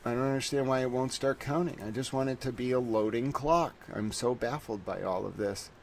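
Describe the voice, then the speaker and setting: A man's voice: mid-range voice, brisk. A man hosting a casual livestream, rambling to his chat while he fiddles with on-screen settings. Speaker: livestream host.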